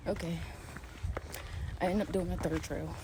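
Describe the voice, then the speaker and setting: Low-voiced woman rambling on a trail. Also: steady tone, normal speed. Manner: rambling, chatty, with lots of fillers and laughs. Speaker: vlogger. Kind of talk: casual vlog chat while hiking. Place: outdoor nature trail near a pond. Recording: outdoor ambience with clear background noise.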